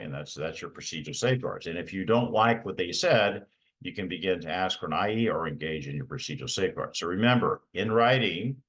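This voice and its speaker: Man, middle-aged, very deep voice, emphatic training talk. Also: a bit bright. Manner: emphatic, repeats key points, frequent "okay?" check-ins. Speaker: parent advocate presenter. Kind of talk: training presentation.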